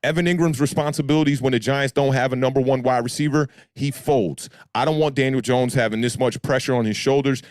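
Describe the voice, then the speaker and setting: A man with a deep voice hosting a casual sports talk show, laid-back and slangy, addressing listeners directly. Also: fairly even intonation, a little fast, few pauses, darkish tone, dry recording, clean studio sound. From United States. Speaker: podcast host.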